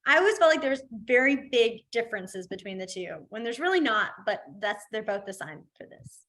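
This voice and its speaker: Young woman teacher, bright tone, chatty, rambling, laughs easily. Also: on the high side, lively intonation, normal speed. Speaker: sign language teacher. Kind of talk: online class instruction.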